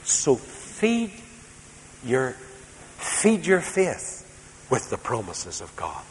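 A man preaching a sermon as a storyteller, moving between soft, quiet passages and loud, emphatic ones. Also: medium pitch, wildly swooping pitch, very slow. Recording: reverberant hall, faint background noise.

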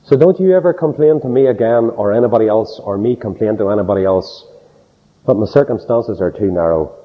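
A man's voice: lowish voice, fairly quick. A man preaching a sermon in a dramatic, emphatic way, acting out the people he quotes. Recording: dull recording with long hall reverb.

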